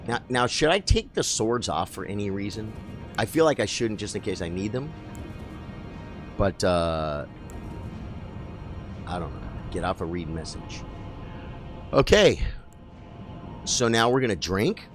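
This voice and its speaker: Male game streamer, low voice, very animated delivery, chatty with chat, faint music behind. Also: measured pace, pauses often. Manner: excitable, chatty, talks to chat. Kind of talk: live gameplay commentary.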